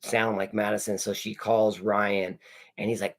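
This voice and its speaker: A man's voice: lowish voice, level tone, moderate pace. A man casually recapping a horror movie with spoilers while unboxing comics, rambling and swearing as he quotes the characters. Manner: rambling, profane storytelling with quoted dialogue. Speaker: movie reviewer.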